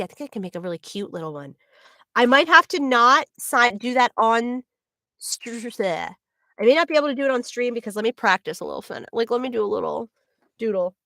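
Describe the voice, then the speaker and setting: A woman's voice: mid-range voice, pushed and bright, dry recording, clean studio sound. A voice actress with a New Jersey accent chatting casually with viewers on her livestream, bubbly and full of laughs and "like"s. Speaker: voice actor hosting a signing stream.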